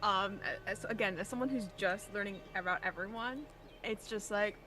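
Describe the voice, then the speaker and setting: A woman's voice: medium pitch, moderate pace, sharp tone, soft background music. A woman who plays in a tabletop game, chatting after the session, giggling and exclaiming as she talks. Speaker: player. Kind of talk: casual post-session chat.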